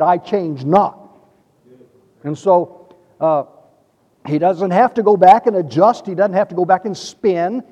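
A man preaching a sermon, reading scripture in a measured way and stressing key words. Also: high-pitched, a little mellow. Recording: dull lo-fi with long reverb.

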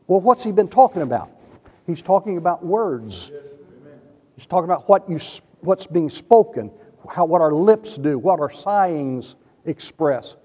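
A man preaching a sermon, reading scripture in a measured way and stressing key words. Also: sits high, expressive, warm tone. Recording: dull lo-fi with long reverb.

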